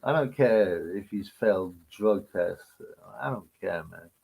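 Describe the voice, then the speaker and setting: A man's voice: low-pitched, animated, measured pace, gravelly, a little mellow, breathy edge, low-quality recording. A man hosting a live stream, ranting in a crude, mocking, rambling way. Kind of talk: casual live-stream rant.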